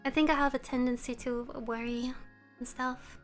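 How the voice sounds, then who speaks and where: A woman streamer chatting casually with her viewers. She is relaxed and laughs often. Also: sits high, moderate pace, faint music behind. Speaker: live streamer. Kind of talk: casual live-stream chat. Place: room at home.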